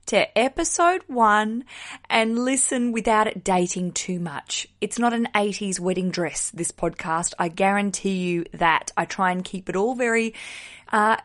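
A woman's voice: mid-range voice, unhurried, a bit bright. A woman with an Australian accent hosting a podcast, talking in a chatty, jokey way with candid asides. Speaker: podcast host. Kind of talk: casual comedic podcast monologue.

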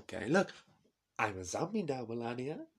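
A man doing a comic impression of a boastful, bumbling older male politician who talks loudly and stammers. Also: lowish voice, a little slow, a little hiss or hum, natural voice. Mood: pleading. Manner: loud, stammering, whiny.

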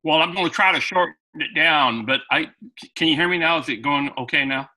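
Man, interview guest, lively anecdotal storyteller, very bright voice. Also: fairly high pitch, brisk, poor audio. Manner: animated anecdotal, with frequent restarts. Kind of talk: storytelling in conversation.

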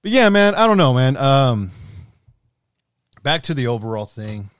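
A man's voice: medium pitch, very animated, unhurried, no room sound, clean studio sound. A young man co-hosting a casual podcast, swearing a lot and laughing often. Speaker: podcast co-host. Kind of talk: casual chat.

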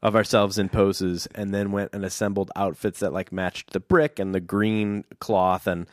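A man's voice: deep voice, flat delivery, normal speed, no echo, clean studio sound. A young adult man telling a long family story in casual chat, rambling with fillers and restarts.

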